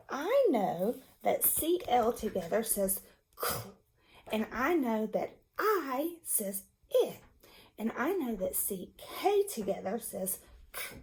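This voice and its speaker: Patient woman teacher, slow and very expressive, walks kids and parents through reading steps. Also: on the high side. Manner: slow, patient, demonstrative explanation. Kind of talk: reading lesson for young children and parents.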